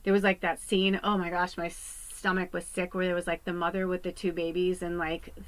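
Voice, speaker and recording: A woman's voice: fairly low pitch, little pitch movement, brisk, no echo, rough recording. Woman from the West Coast, psychic medium, chatty rambling delivery with casual swearing. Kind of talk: casual spiritual monologue. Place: home podcast set.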